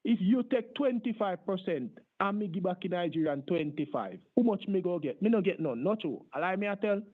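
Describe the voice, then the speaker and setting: A man's voice: high voice, expressive, fairly quick. A man playing a boastful Jamaican street hustler in thick put-on patois, rambling on with "brother" and "my father", heard over a tinny phone line. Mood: insistent. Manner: rambling, long-winded, repeats "my father" and "brother". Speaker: scambaiter.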